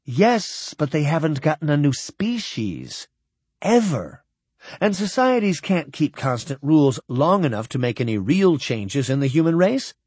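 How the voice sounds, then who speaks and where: A man's voice: on the high side, very animated, measured pace, a little mellow, breathy edge, dry recording, heavily acted. A man reading an audiobook, voicing an eager, talkative young noblewoman lecturing on science. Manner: earnest, chatty.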